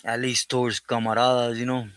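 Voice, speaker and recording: A man's voice: medium pitch, monotone, a little fast, fairly bright tone, clear, resonant tone, dry recording. A man hosting a live stream, greeting viewers by name, switching between English and Spanish and often thanking God. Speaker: livestream host reading chat. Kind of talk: casual live chat with viewers.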